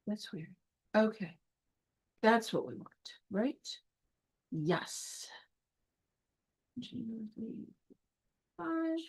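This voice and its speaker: A woman talking herself through sorting teams for a film event at an unhurried pace. Her thoughts come out as muttered, half-finished counts and quiet asides. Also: on the high side, big pitch swings, breathy edge, rough recording. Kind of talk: thinking aloud while working.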